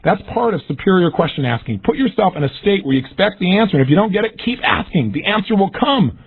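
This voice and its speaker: A man giving an energetic, emphatic motivational seminar talk, acting out the questions he quotes. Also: high-pitched, quick pace, creaky, husky. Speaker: motivational speaker. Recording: tinny phone-like lo-fi audio.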